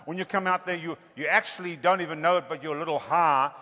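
A male preacher giving a humorous sermon, animated and joking, often tossing out a rhetorical "hello?" for laughs. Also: on the high side, quick pace, long reverb tail.

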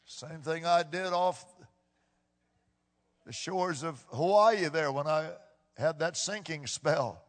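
High-voiced preaching pastor in a big hall. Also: male voice, slow pace, pauses often. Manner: preaching with rising shouted peaks. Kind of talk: sermon. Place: church sanctuary. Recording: long reverb of a large hall.

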